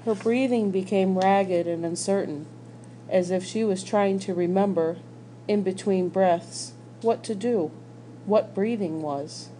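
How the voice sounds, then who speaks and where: Slow, mellow-voiced woman reading a story. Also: medium pitch, a little hiss or hum, rough recording. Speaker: school staff reader. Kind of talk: audiobook reading of a children's novel.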